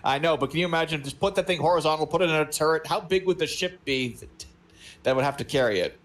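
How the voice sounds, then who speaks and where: A man's voice: fairly high pitch, fast talker, fairly bright tone. A man co-hosting a movie watch-along, rambling and joking as he searches for words. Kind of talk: casual chat.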